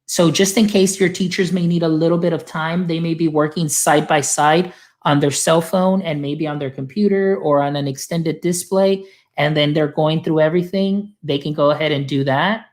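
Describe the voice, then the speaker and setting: A man's voice: a little high, fairly even intonation, normal speed. Upbeat male educator, casual screen-share demo voice, talky and friendly. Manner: upbeat, chatty, lots of filler phrases. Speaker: guest demonstrating software; educator supporting teachers.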